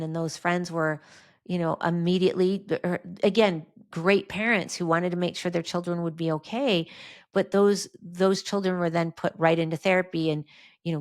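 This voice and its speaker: Earnest woman telling a personal story. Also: on the low side. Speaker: podcast host. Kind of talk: faith-based talk on trauma healing.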